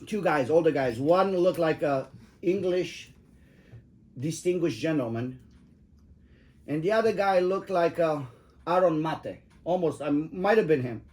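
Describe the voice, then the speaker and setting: A man's voice: on the high side, unhurried, long pauses, darkish tone. A middle-aged man telling cab-driving stories in casual chat, profane and emphatic, rambling with lots of fillers.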